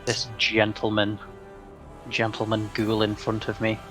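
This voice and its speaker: A man's voice: fairly low pitch, monotone, a little slow, music in the background. A man playing a tabletop game, easygoing and often laughing. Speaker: player. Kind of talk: casual chat at the game table.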